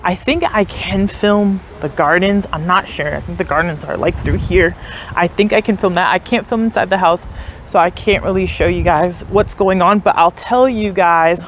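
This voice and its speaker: A woman's voice: on the low side, moderate pace, a little hiss or hum. A young woman talking casually to her viewers while touring a historic house, filling her talk with "like" and unsure asides. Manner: chatty, many "like" fillers, unsure asides. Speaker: vlogger. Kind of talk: casual travel vlog narration. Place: outdoors and in a tourist building.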